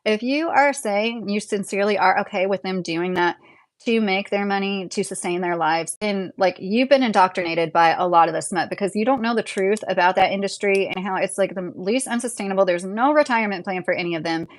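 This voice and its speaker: A woman in her late thirties hosts a live stream, reading her chat and answering casually and bluntly. She's opinionated and talks straight to commenters in a brisk, mid-range voice.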